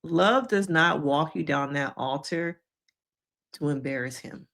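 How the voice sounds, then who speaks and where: A woman therapist giving casual reaction commentary to viewers, talking directly to them and acting out quotes in high voices. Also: measured pace, a bit bright. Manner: conversational, addresses viewers directly. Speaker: therapist reacting to a reality show.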